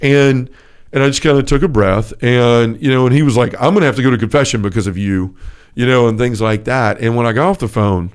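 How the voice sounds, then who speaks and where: A man's voice: mid-range voice, brisk, smooth. A man co-hosting a casual faith podcast, telling stories earnestly with lots of fillers. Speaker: podcast co-host.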